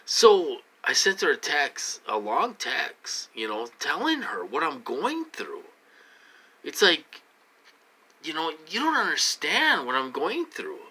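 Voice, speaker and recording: Sharp-voiced man rambling to camera. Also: a little high, wildly swooping pitch, slow, husky. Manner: rambling and repetitive, many fillers; upset, growing agitated. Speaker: vlogger. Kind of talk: personal talk to camera.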